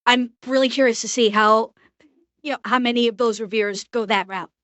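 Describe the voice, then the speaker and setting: A young woman streamer giving blunt, profane live reaction commentary, ranting quickly. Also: fairly high pitch, fairly even intonation, a bit bright, no echo.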